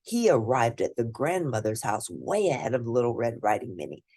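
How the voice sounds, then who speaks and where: A woman reading a children's storybook aloud, slow and expressive. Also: extremely low pitch, no echo, studio quality.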